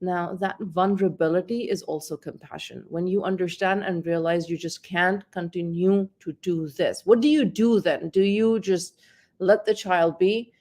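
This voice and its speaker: A woman's voice: on the low side, fairly even intonation, normal speed, a little mellow. A middle-aged woman, a parenting coach, talking reflectively and repeating words as she searches for them. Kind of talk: conversational talk on parenting.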